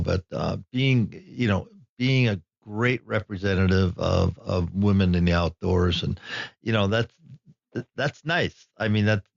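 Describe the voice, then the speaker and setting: A man hosts an interview podcast in a low, gravelly voice. He meanders through his questions with plenty of fillers and speaks to his listeners as folks. The sound is dry, close and slightly dull. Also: dry recording. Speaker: podcast host. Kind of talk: casual interview hosting.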